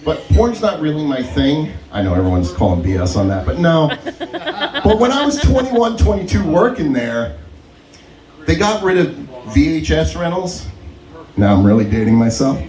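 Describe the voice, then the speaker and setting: A young man performs stand-up in a roomy club, his voice a little higher than most men's. He rides his stories with lively swings in pitch and chuckles along the way. The mic sits some distance off, so the room rings around him. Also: normal speed. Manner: animated, laughs through his own stories. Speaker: stand-up comedian. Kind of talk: open mic stand-up storytelling. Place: comedy club stage.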